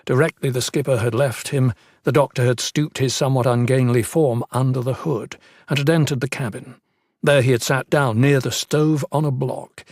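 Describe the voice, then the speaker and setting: A male audiobook narrator reads a classic novel in a measured, dramatic way. His voice is gravelly with a husky grain. The recording is close and dry, with no room sound. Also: medium pitch, fairly even intonation, darkish tone, no room sound. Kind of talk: scripted narration.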